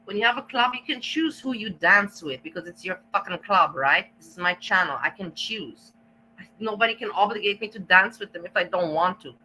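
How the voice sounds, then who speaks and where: A woman's voice: medium pitch, animated, pushed and bright, a little hiss or hum, low-quality recording. A woman vlogger ranting to her camera, blunt and defiant, cursing often and stalling as she hunts for words. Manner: halting, searches for words. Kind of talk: casual rant to camera.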